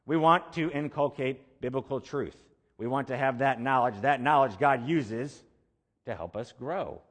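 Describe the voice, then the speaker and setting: A male pastor preaches a sermon in an easy, conversational way, hammering points home by repeating phrases. His voice sits at an ordinary middle pitch. It carries a long reverb, as in a large hall. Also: unhurried. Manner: conversational preaching with emphatic repetition.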